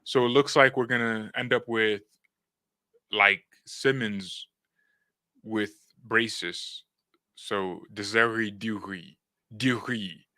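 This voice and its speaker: A man's voice: on the low side, steady tone, slow, long pauses, bright, forceful tone, no room sound. A young man hosting a fan live stream, joking in slang, talking to his chat and reading news aloud. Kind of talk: casual live-stream commentary.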